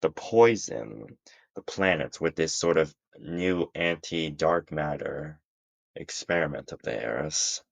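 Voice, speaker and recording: A sly hooded male schemer from a storybook-style tale, smug and manipulative, as a man puts him on. The voice sits extremely low. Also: slow pace, creaky, exaggerated voice. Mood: persuasive. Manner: smug, manipulative, soft chuckling tone.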